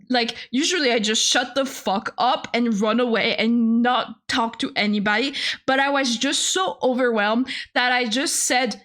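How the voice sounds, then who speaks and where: A woman's voice: on the high side, moderate pace, a bit bright. A young adult woman streamer telling stories in a casual, profane, exasperated rant, laughing often.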